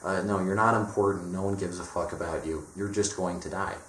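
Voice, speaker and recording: A young adult male vlogger with a low, fairly bright voice talks fairly quickly with fairly even intonation, in an echoey room with a little hiss or hum. His casual monologue is profane, blunt, and mocking, often slipping into sarcastic quoted voices.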